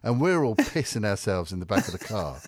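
A middle-aged man, chatting casually and telling animated stories. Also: fairly low pitch, a little fast, no echo, clean studio sound. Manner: animated storyteller, puts on American voices. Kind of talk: casual chat.

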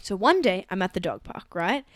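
A woman co-hosting a comedy podcast, telling gossip in an animated way and acting out the people she quotes. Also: medium pitch, moderate pace, dry recording, studio quality. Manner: animated storyteller, acts out quoted voices. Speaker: podcast co-host. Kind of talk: casual comedic chat.

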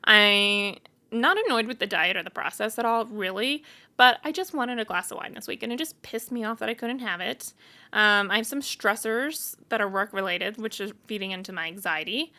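A woman's voice: mid-range voice, animated, normal speed, sharp tone. A woman hosting her own show, talking casually and bluntly, candid and exasperated as she vents. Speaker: podcast host. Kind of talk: casual solo venting.

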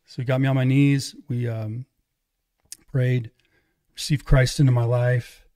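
A middle-aged man, an evangelist, telling his life story in casual conversation, animated and acting out quoted dialogue. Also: medium pitch, measured pace. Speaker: guest, evangelist and pastor.

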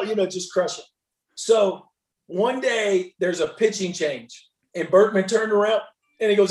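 A man guesting on a podcast, telling animated stories as a former ballplayer turned commentator. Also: high-pitched, a little slow. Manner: animated, acts out hecklers' shouting in stories. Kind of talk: casual storytelling. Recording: roomy and distant from the mic.

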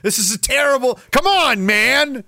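Sarcastic, bright-voiced man. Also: very high-pitched, animated, moderate pace, gravelly, no room sound, studio quality. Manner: sarcastic, jokey, laughs often. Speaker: podcast host. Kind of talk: casual livestream rant.

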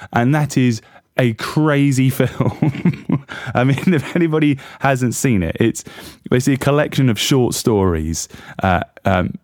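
A man's voice: medium pitch, darkish tone, no echo, studio quality. An English man hosting a casual music podcast, rambling and self-deprecating with plenty of fillers and restarts. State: recovering from chest infection. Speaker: podcast host. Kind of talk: casual chat.

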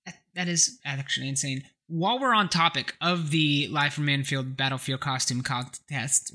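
Male co-host, bright and lively, casual storyteller with frequent laughs. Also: fairly high pitch, normal speed, few pauses. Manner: laughs often, animated storyteller. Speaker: podcast co-host. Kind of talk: casual chat.

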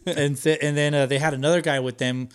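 A man's voice: a little high, fairly quick, clear, resonant tone. A man in casual podcast chat, telling a long story with plenty of swearing. He talks loosely and laughs through his own story. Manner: profane, animated storytelling with lots of laughing. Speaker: podcast co-host.

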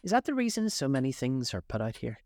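A man's voice: mid-range voice, sing-song, fast talker, darkish tone, no room sound, voice pushed up. A man voicing a curious, polite young girl who asks many questions. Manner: earnest, inquisitive.

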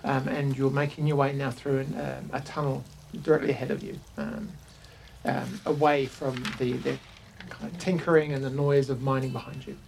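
A man narrating as game master, halting, with many fillers and restarts. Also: mid-range voice, little pitch movement, creaky, darkish tone, slight background noise.

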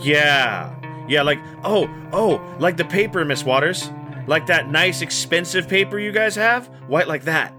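Man doing a high, blunt little girl. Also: animated, music in the background. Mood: nervous. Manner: halting, childish rambling. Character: young girl, blunt and excitable.

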